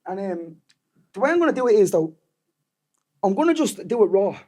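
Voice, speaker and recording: A man's voice: sits high, sing-song, a little fast, dark tone. A young Irish man with a Dublin accent, a guest singer-songwriter rambling through stories in casual podcast chat and swearing freely. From Dublin, Ireland.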